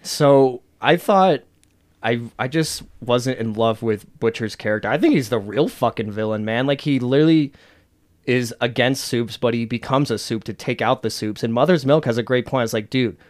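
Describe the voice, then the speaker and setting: A man co-hosting a podcast in casual chat, talking in an excitable, emphatic and profane way. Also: medium pitch, normal speed. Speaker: podcast co-host.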